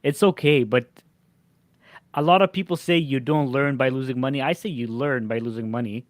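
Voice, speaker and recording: A man's voice: mid-range voice, normal speed, dry recording. A man hosting a casual podcast interview, talking loosely and repeating words as he thinks. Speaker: show host.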